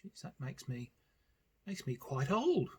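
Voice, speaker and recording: A man's voice: mid-range voice, huge pitch swings, unhurried, husky. An older Australian man chatting casually in a rambling, self-deprecating way on his board game vlog. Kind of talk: casual chat.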